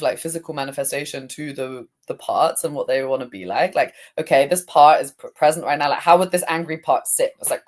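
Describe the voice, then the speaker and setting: A woman's voice: low voice, a little mellow. A woman emotional release coach, talking as an interview guest in a reflective way, often searching for words with fillers. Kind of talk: conversational interview.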